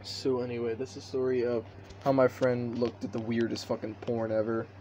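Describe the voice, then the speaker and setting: A man's voice: mid-range voice, completely flat delivery, moderate pace, dark tone, slight background noise. A man telling a story in a vlog, rambling and swearing constantly. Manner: profane, rambling.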